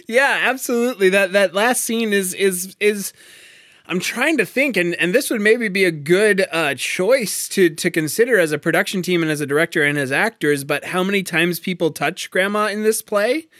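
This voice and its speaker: A man with a notably high voice co-hosts a podcast, talking casually and eagerly about a play. He laughs often and trips over quick restarts. The recording is dry, with no room sound. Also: a bit bright, no room sound. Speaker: podcast co-host discussing a play. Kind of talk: casual analytical chat.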